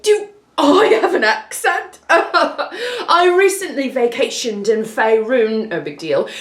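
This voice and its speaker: A woman's voice: sits high, animated, takes it slowly. A woman playing a vain, snooty fantasy queen. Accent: put-on posh fantasy accent. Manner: theatrical, condescending. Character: vain self-made fantasy queen, snippy and showy. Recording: echoey room.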